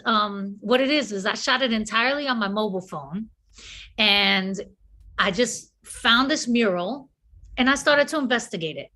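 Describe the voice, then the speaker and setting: On a video call, a woman who acts and makes films tells stories in a casual online conversation, animatedly performing the quotes. Her voice is a little high.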